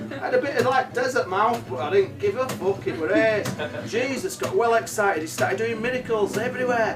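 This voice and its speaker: A man's voice: high voice, normal speed, over a noisy crowd. A man telling a rambling, sweary comic story between songs, often laughing. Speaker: comic singer-songwriter. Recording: live room echo, heard from a distance, over loud music.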